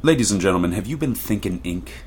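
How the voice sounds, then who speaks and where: A man reading a scripted ad in a booming pitchman delivery. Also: animated, fast, a little mellow. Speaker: ad announcer. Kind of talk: scripted radio-style ad read.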